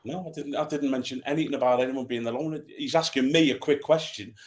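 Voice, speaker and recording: A man's voice: medium pitch, steady tone, fast talker. An English man, a former footballer, chatting on a podcast with blunt, dry humour. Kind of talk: casual chat.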